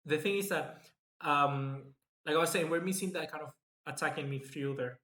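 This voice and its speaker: A man hosting live football match reaction commentary, chatty and excitable, reading out viewer comments. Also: on the high side, moderate pace. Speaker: football fan channel host. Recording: echoey room.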